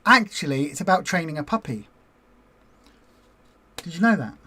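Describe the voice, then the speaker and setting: A woman hosting a weight-loss group livestream, chatting casually and rambling into lively acted-out asides. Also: on the low side, moderate pace, breathy edge.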